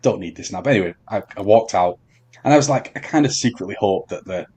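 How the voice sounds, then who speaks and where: A man telling a long story on a podcast, halting with many ums and restarts. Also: on the low side, lively intonation, mellow, slightly rough. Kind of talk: casual storytelling chat.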